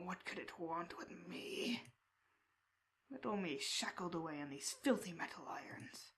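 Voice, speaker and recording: A woman voicing a chained bird-headed man, slow and raspy, in a whispered role-play. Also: on the low side, full character voice. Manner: hushed, drawn-out, sinister musing.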